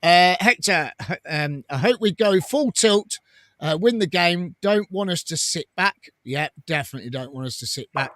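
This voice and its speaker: Man, fairly high voice, chatty host, reads comments aloud, laughs often, dry close sound. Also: animated, normal speed, fairly bright tone, dry recording. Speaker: fan channel host. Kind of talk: casual live-stream chat reading comments.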